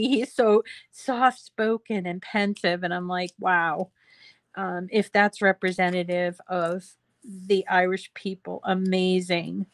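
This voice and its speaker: A woman's voice: fairly low pitch, level tone, slow pace, dry recording. A woman hosting a casual craft tutorial, chatting to her viewers in a rambling way with many fillers. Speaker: craft show host.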